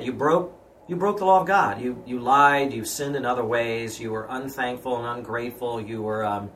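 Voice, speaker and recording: A man pastor gives an earnest teaching answer in a mid-pitched voice, driving his points home with repeated phrases. A faint hiss sits under the recording. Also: rough recording.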